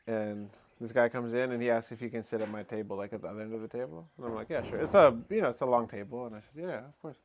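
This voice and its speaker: A man hosting a live talk stream, telling a story in a relaxed, rambling way full of fillers. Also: mid-range voice, fast talker, hardly any pauses, a little hiss or hum. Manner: relaxed, rambling, lots of fillers like "you know" and "eh". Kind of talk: casual storytelling chat.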